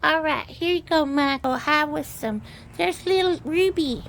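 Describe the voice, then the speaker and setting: A woman playing with stuffed animals, talking in a slow, coaxing, babying sing-song manner. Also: high voice, gravelly, fairly bright tone, slight background noise. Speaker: caregiver playing with toys. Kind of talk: playful talk to an adult in her care.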